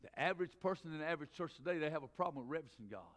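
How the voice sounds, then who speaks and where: A middle-aged man, a pastor preaching a sermon in church, swinging between loud emphatic preaching and quick low asides. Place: church sanctuary.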